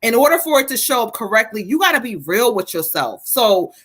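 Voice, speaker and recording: Before reading cards for her audience, a woman on a live psychic stream laughs, banters and swears, speaking straight to her viewers. Her voice sits on the high side, fairly bright and slightly rough, very animated and a little fast.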